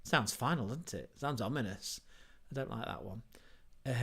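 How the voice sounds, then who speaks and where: A man's voice: mid-range voice, expressive, moderate pace, fairly bright tone, slightly rough. A man hosting a casual football livestream, running through team lineups with jokey asides, wordplay and self-corrections. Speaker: football podcast host.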